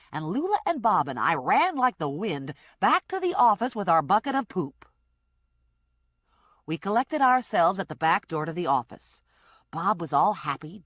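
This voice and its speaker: A woman's voice: on the low side, a bit bright, no room sound. A woman narrating a comic audiobook in first person with dry, wry storytelling.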